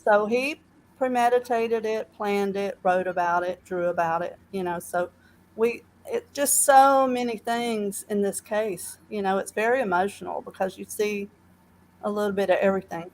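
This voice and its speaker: A woman's voice: medium pitch, slight background noise, rough recording. A woman with a Southern accent calling in to a live stream, talking earnestly with lots of fillers and restarts. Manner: earnest, halting with many fillers. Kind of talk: casual call-in chat.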